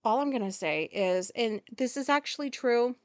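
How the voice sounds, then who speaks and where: A woman's voice: on the high side, animated, no echo. A woman hosting a casual solo podcast, talking in a rambling way with lots of fillers and swearing, often stopping to apologize. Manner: rambling, profane, with many fillers and quick apologies. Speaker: podcast host.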